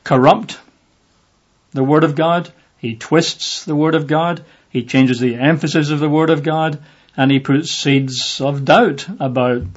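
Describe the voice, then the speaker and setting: A man's voice: a little high, fairly even intonation, unhurried. Guy preaching casual bible study, lots of uhs, kinda muffled lo-fi audio. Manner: conversational, with many fillers, acts out voices in the reading. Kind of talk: informal Bible teaching. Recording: dull lo-fi audio.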